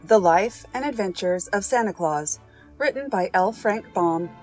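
A woman host reading a classic children's story aloud in a calm, measured storybook narration. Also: mid-range voice, faint music behind, poor audio. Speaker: audiobook reader and podcast host.

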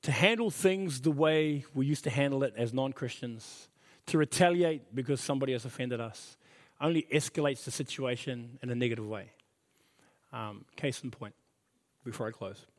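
A man's voice: medium pitch, normal speed. A middle-aged man preaching a sermon as pastor, earnest and emphatic, repeating his key phrases. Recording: reverberant hall.

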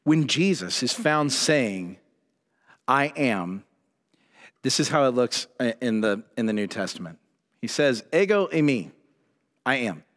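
A man preaching a sermon as pastor, telling Bible stories with animated emphasis. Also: medium pitch, measured pace, pauses often. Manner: animated storytelling, voices God and Moses in retellings. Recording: church hall with long reverb.

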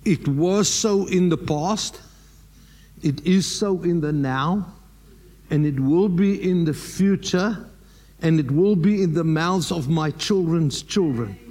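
A man's voice: fairly high pitch, slow, darkish tone, in a large hall. A South African man preaching a sermon as pastor, emphatic and dropping in Afrikaans words.

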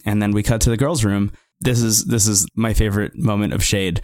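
A man's voice: on the low side, steady tone, a little fast, a little mellow, dry recording. A man in his thirties casually recapping a show as a podcast co-host, joking loosely and lifting his voice to quote lines. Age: 30s.

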